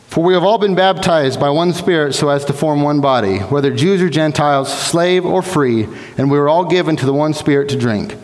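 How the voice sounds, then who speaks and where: In a church sanctuary, a young man preaches a sermon earnestly and exhortingly, sometimes restarting his words. His voice is fairly high, brisk, with few pauses. A long hall reverb fills the recording.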